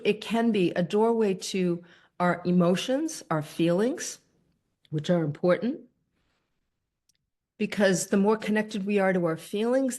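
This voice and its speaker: An older woman hosting a video call, giving a gentle, thoughtful talk to her viewers. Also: mid-range voice. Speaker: host.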